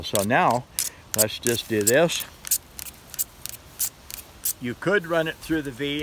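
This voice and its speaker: A man's voice: medium pitch, noisy background. Chatty man demoing a pocket knife. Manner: rambling, chatty, laughs at his own fumbles. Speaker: knife seller demonstrating a product. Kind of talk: casual product demo vlog.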